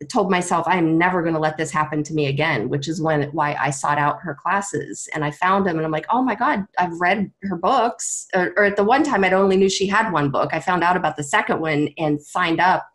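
A woman's voice: low voice, fairly bright tone. Candid woman podcast host. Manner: candid, sharing personal experience. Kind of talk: casual chat.

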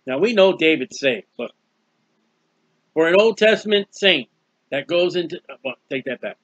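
A man delivers a Bible teaching sermon in a high voice, folksy and emphatic, often asking a question and answering it himself. The recording is dry and dull, with a muffled lo-fi sound. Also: expressive, normal speed, dry recording. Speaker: preacher.

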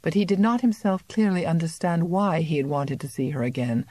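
A woman with a deep voice reads an unabridged novel as an audiobook, narrating from a script in a measured, even storytelling style. There's no room sound.

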